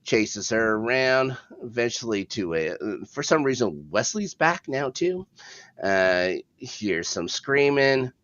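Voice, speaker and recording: A man's voice: mid-range voice, sing-song, takes it slowly, fairly bright tone, no echo, highs cut off. A man co-hosting a podcast, casually recapping a TV episode in a laid-back, rambling way with a chuckle now and then. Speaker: podcast co-host.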